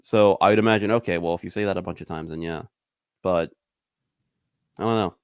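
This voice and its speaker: Low-voiced man chatting loosely. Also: brisk, clean tone, no echo. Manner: loose and rambling, heavy on fillers, laughs often. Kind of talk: casual chat.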